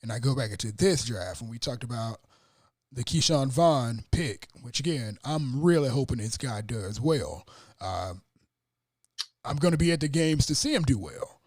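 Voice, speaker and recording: A man hosting a casual sports podcast, talking fast and acting out his own stunned reactions. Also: medium pitch, lively intonation, a little mellow, no echo, studio quality. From Atlanta area. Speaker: podcast host.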